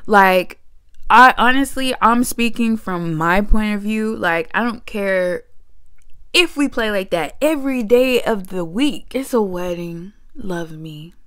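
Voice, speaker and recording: A woman's voice: medium pitch, expressive, measured pace, fairly bright tone, clear, resonant tone, dry recording, clean studio sound. A young woman giving sassy, opinionated commentary in a vlog. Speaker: commentary creator.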